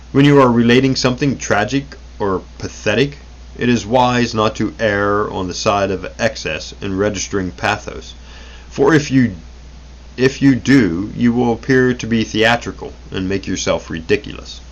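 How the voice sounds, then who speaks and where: A man's voice: on the low side, lo-fi sound. A man reading an old self-help booklet aloud, unrehearsed, stumbling over words and correcting himself as he goes.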